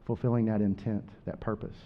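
A man preaching a sermon, rising loud on scripture and dropping quiet for asides. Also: lowish voice, little pitch movement, brisk, phone-quality sound.

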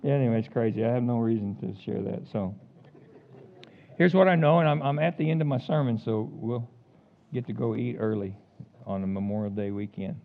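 A male pastor preaching a sermon in a folksy, animated way, swinging from loud emphatic lines to hushed, low asides. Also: fairly quick, narrow, tinny audio.

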